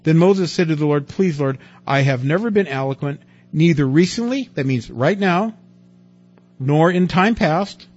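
A man preaching a sermon in a conversational way, asking rhetorical questions and swinging from loud to quiet. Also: fairly high pitch, lively intonation, normal speed. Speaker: pastor. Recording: dull lo-fi recording with faint music.

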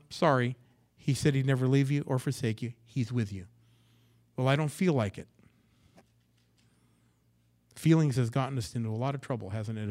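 A man preaching a sermon in a church, swinging from loud, emphatic lines down to hushed, low asides. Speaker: pastor. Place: church sanctuary.

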